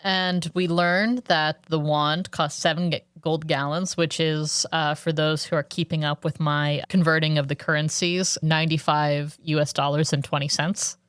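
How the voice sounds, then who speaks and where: A woman's voice: sits low, level tone, moderate pace, hardly any pauses, smooth, no echo, studio quality. A woman co-hosting a podcast, chatting about a book with lots of "like" fillers and thoughtful asides. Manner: chatty, filler-heavy, reflective. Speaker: podcast co-host. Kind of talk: casual book discussion.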